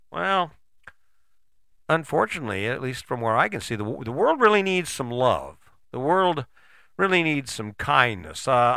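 Male host, bright lively delivery, dry close sound; rambling, rhetorical, casual. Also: fairly high pitch, dry recording. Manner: rambling, conversational, rhetorical questions; mild swearing. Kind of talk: casual motivational monologue.

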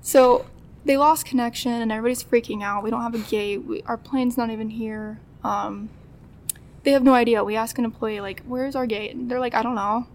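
A woman's voice: fairly high pitch, steady tone, a little fast, a little mellow, a little hiss or hum. A woman in her twenties telling a story as a podcast guest, chatty and often acting out what people said. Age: 20s. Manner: chatty, acts out quoted dialogue, laughs often. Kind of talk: casual storytelling.

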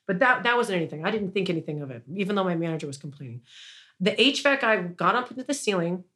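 A woman's voice: lowish voice, expressive, fast talker, a bit bright. Woman, business owner, interview guest; loose rambling storyteller, indignant undertone. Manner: rambling, frequent "like" and restarts, indignant.

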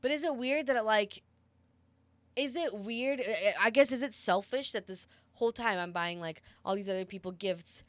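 A woman's voice: medium pitch, a bit bright, no echo. A woman co-hosting a podcast, talking in a chatty, reflective way with casual swearing and lots of fillers. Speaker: podcast co-host. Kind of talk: casual chat.

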